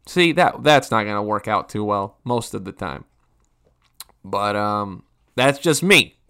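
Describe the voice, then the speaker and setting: Ranting for laughs, this roughly thirty-year-old man curses, rambles, restarts his sentences frequently, and pokes fun at himself. He has a lowish voice, pushed and bright with lively intonation, at a measured pace in a clean tone.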